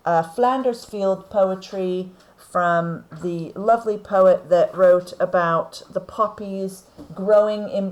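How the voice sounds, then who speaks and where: Slow, deliberate woman teaching. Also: on the low side, a little mellow, poor audio. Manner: slow, deliberate explaining with frequent "okay?" checks. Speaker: English teacher. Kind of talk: recorded lesson on poetry.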